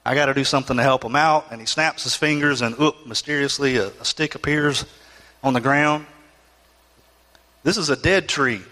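A man delivers a sermon, reading scripture and then dramatizing the grumbling of the people in pleading, rising outbursts. His voice is high-set and bright. The sound carries a long reverb, as if from a sanctuary. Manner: acts out complaining voices, rising emotional pleas. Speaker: pastor.

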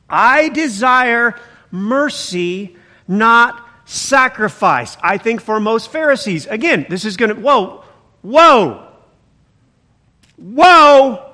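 With a voice that sits high, this pastor delivers his sermon animatedly and conversationally. He interjects exclamations while reading the text and explaining it.

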